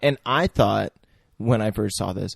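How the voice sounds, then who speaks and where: A man's voice: lowish voice, unhurried, gravelly, husky, no echo, studio quality. A man co-hosting a podcast in casual chat, chiming in with laughs and swearing. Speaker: podcast co-host.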